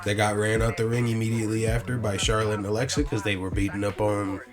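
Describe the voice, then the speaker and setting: A man's voice: on the low side, level tone, fast, music in the background. A young man casually recapping wrestling shows, rambling, swearing, restarting sentences and acting out what others said.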